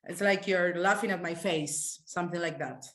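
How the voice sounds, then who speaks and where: A woman's voice: lowish voice, normal speed. A woman teacher in an echoey room. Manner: relaxed, explanatory, hesitant with fillers. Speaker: language teacher. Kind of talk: live online class.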